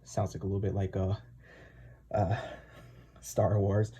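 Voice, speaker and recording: A man's voice: low voice, flat delivery, a little slow, long pauses, warm tone, husky. A man casually recapping a comic chapter, rambling and full of filler words. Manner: rambling, full of "like" and "you know". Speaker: comic reviewer.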